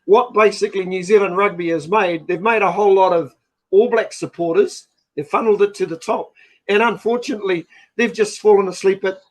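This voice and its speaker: A man hosting sports talk radio, cutting in and making his point emphatically. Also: sits high. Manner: interrupting, emphatic. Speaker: radio host.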